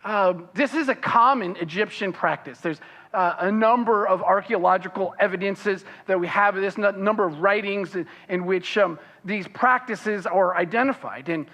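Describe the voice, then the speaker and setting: A pastor preaching a sermon, reading scripture aloud and then explaining it, with frequent fillers and restarts. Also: male voice, moderate pace, long reverb tail. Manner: animated, voicing the characters' protests with rising pitch.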